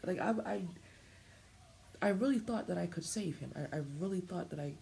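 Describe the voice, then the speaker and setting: Gravelly low-voiced woman streamer. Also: normal speed, mellow, a little hiss or hum, rough recording. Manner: stammering, talks to chat. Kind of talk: casual live gameplay commentary.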